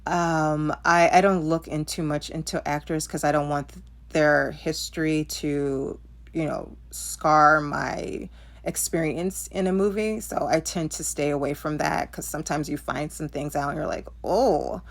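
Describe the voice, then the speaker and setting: A woman's voice: low voice, unhurried. A young woman giving a casual spoken movie review, hesitant, with many ums and restarted words.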